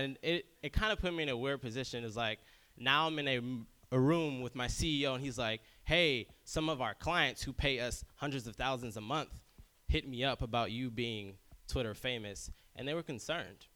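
A young man casually telling a personal story, acting out other people's lines in raised voices and laughing often. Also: a little fast. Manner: animated, acts out quotes in high voices, laughs often.

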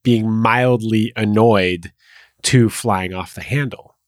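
A man's voice: fairly low pitch, takes it slowly, dry recording, clean studio sound. A man hosting a podcast interview, frankly sharing a personal story.

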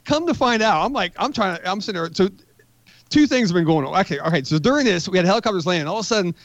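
A man's voice: high voice, lively intonation, rapid-fire, a bit bright, no echo, lo-fi sound. A man in his forties, a podcast guest, telling a rambling, profane war story in casual talk. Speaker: podcast guest, magazine editor.

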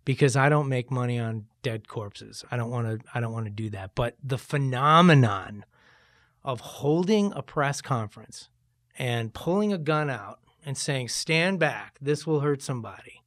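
A middle-aged man, a rock musician, talking casually in an interview, animated and profane. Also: mid-range voice, a little slow, dry recording, clean studio sound. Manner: animated, profane, jumps into loud mock voices.

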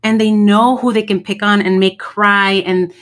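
A middle-aged woman co-hosting a podcast, telling stories in a blunt, profane, animated way. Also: mid-range voice, moderate pace. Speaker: podcast co-host. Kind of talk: casual chat.

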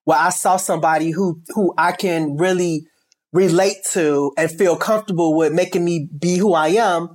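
Interview guest: a stylist from Chicago with a Chicago accent, emphatic and rambling. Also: male voice, a little high, steady tone, normal speed. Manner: emphatic, rambling with many restarts. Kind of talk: candid interview talk.

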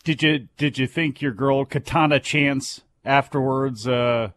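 A man's voice: mid-range voice, steady tone, measured pace, a bit bright. A man co-hosting a podcast, breaking in with short teasing questions. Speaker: podcast co-host. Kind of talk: casual podcast banter.

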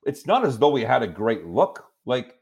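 A man's voice: medium pitch, big pitch swings, normal speed, a little mellow. A man co-hosting a sports chat, telling exasperated stories with lots of fillers. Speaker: podcast co-host.

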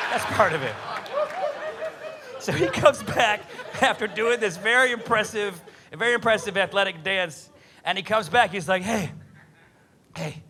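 High-pitched guy doing stand-up, super lively voice, noisy club. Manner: animated storytelling, swearing. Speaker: stand-up comedian. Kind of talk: stand-up comedy set. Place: comedy club stage.

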